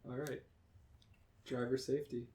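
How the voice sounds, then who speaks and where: A man co-hosting a casual podcast, talking in a dry, understated, low-key way. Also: level tone, a little slow, darkish tone. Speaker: podcast co-host.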